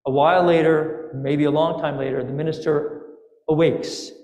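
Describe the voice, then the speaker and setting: A male rabbi telling a fable in his sermon, in a casual, animated way. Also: a little high, normal speed. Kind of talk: storytelling sermon. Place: synagogue sanctuary. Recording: echoey sanctuary with long reverb.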